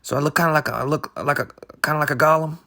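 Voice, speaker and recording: A man co-hosting an improvised comedy podcast, rambling in halting, absurd deadpan. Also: a little high, vocal fry. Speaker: podcast co-host.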